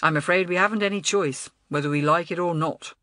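A woman's voice: fairly low pitch, fairly quick, no room sound. A woman voicing an easygoing schoolboy who speaks in a wry, teasing way. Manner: wry and relaxed.

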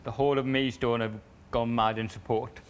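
A young man, a reality show contestant, reading a family letter aloud, halting and stumbling over words. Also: mid-range voice, flat delivery, smooth. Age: young adult.

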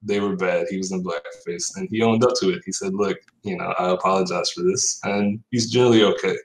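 Low-voiced man reasoning in an echoey room. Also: fairly even intonation, a little hiss or hum. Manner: measured, reasoning step by step. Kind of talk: casual podcast chat.

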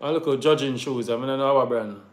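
A man's voice: mid-range voice, fast talker. A Jamaican man chatting casually in patois, agreeing readily and telling stories. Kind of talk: casual chat. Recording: roomy echo.

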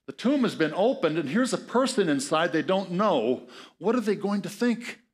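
A man's voice: sits high, very animated, moderate pace, husky. Conversational male pastor preaching. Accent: Upper Midwest American. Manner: conversational, reads scripture aloud with asides and chuckles. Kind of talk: sermon.

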